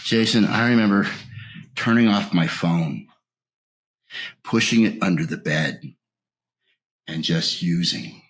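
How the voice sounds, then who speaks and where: Interviewed about his recovery, a man speaks rawly and emotionally, his gravelly voice climbing when anger resurfaces and dropping nearly to a whisper at the darkest moments. He is animated but takes his time, leaving long pauses.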